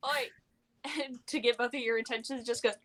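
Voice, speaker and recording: An excitable woman playing a tabletop game, laughing as she talks. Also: a little high, fast, very noisy. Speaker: player.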